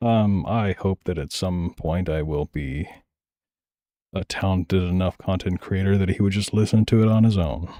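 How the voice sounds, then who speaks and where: Low, dark-voiced man swearing through a stream. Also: fairly even intonation, moderate pace, no room sound, clean studio sound. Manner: profane, blunt, rambling asides. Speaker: streamer reacting to videos. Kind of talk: casual live-stream commentary.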